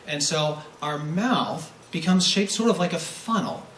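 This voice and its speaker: A man's voice: on the high side, unhurried, a bit bright. A man teaching a brass masterclass, explaining breathing with rhetorical questions and demonstrating vowel sounds. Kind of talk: masterclass lecture. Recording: roomy echo from a distant mic, faint noise.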